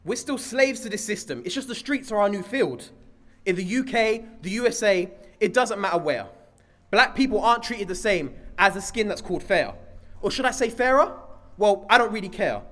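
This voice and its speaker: A man's voice: sits high, animated, moderate pace, fairly bright tone. A man reciting a spoken-word poem at an outdoor protest rally, with a rhythmic, emphatic, rhyming delivery. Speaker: protest speaker.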